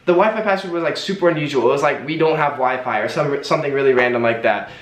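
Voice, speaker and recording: A young man telling a travel story to camera in an animated storytime vlog. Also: medium pitch, very fast. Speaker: travel vlogger. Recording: roomy echo.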